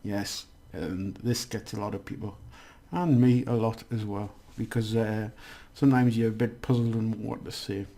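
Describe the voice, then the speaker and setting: Man, casual lesson, mellow voice, rambling with restarts. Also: on the low side, steady tone, normal speed, gravelly, hardly any pauses. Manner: chatty, rambling, many restarts and fillers. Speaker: language teacher.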